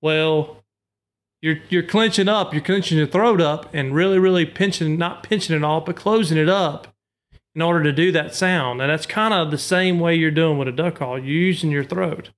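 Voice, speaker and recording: Man, Arkansas, duck call maker, explaining, fairly high voice. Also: moderate pace. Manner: explains technique with homely comparisons, repeats himself. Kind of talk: instructional podcast talk.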